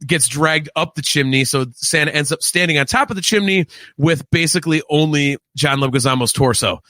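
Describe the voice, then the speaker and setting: A man co-hosting a podcast, chatting excitedly about a film and acting out lines with laughs. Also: on the high side, fairly quick, no room sound. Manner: excited, laughing, acts out quotes. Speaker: podcast co-host. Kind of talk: casual film review chat.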